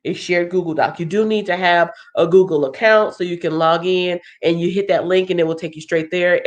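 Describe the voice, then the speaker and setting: A woman hosting a casual livestream walkthrough. She sounds congested and thinks aloud in a chatty way. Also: lowish voice. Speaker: livestream host.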